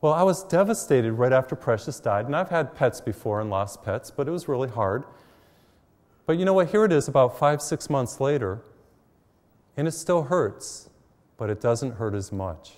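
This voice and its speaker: A middle-aged priest preaches in a relaxed, conversational way, weaving homely personal stories into his sermon. His voice sits at an ordinary middle pitch for a man. The sound carries a long reverb from the church around him. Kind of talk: televised sermon. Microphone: mic while facing cameras.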